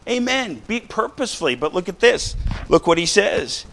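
A middle-aged man with a drawl delivers a lively, conversational sermon. His voice sits fairly high for a man, and he keeps throwing questions and asides at his congregation. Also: normal speed, gravelly. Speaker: pastor. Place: church sanctuary.

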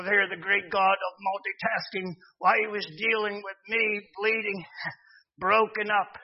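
A man's voice: sits high, dull audio. A middle-aged man from Pennsylvania with a Pennsylvania accent, giving a sermon testimony in an earnest storytelling manner that rises to fervent emphasis. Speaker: missionary preacher.

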